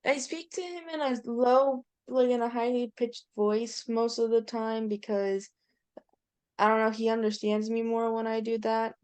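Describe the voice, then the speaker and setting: A woman's voice: a little high, little pitch movement, measured pace, darkish tone, clean tone, no echo. A teenage girl, a student in an online tutoring session, talking hesitantly and searching for her words.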